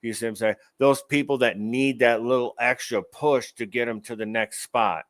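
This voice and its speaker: A man's voice: medium pitch, fairly even intonation, normal speed, no room sound. A man hosting his own show, giving rambling, profane commentary in a casual ranting manner. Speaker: show host.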